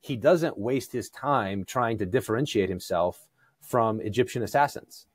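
A man talking as a podcast guest in a conversational theological discussion, animated, acting out quoted voices with frequent restarts. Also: fairly low pitch, unhurried, no echo.

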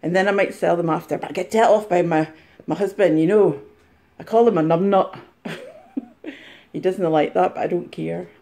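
A woman putting on a flustered, excitable female reseller in a high voice for a comic vlog skit, recorded on a mobile phone. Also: moderate pace, long pauses, natural voice. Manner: high-pitched, flustered, shrieks.

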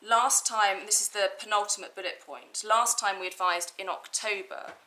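A woman's voice: medium pitch, steady tone, moderate pace, sharp tone, poor audio. A woman barrister making methodical legal submissions in an appeal courtroom, reading from documents with some restarts.

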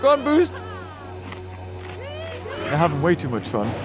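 This is a man with a high, very lively voice, chatting through a session of a game he is playing. He reacts out loud, calls out to the game and breaks into laughs. Game music plays clearly behind him. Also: measured pace, crowd noise. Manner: excitable, talks to the game, yelps and laughs. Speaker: gaming channel host. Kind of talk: casual gameplay commentary.

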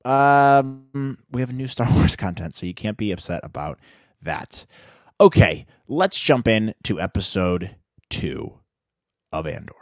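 A man hosting a casual reaction video, chatty and self-mocking with quick asides. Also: lowish voice, big pitch swings, no echo, clean studio sound. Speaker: host reacting to a TV episode.

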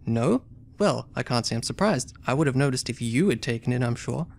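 A man voicing a flustered, agitated young gentleman in a game, complaining as he talks. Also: medium pitch, animated, brisk, vocal fry. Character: flustered dapper young gentleman, engaged and glum.

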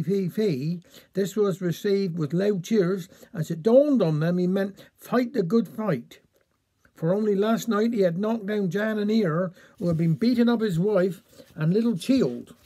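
A man's voice: sits high, warm tone. Man telling Cornish dialect stories. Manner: folksy, playful voicing of village characters. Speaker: storyteller. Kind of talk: dialect story reading.

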